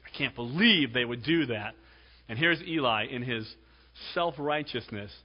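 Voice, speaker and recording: A male pastor preaching a sermon, emphatic, swinging between loud exhortation and hushed tones. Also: mid-range voice, animated, unhurried, husky. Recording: dull lo-fi recording with long hall reverb.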